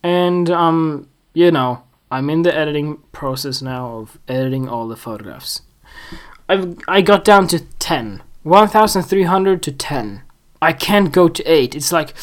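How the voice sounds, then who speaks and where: Slow, rambling self-mocking male podcaster. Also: a little high. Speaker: podcast host. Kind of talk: solo podcast monologue.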